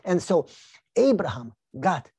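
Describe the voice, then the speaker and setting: A man preaching a sermon, telling stories with lively acted-out dialogue. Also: sits high, a little slow, slightly rough, dry recording. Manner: animated storytelling, acts out dialogue. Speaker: pastor.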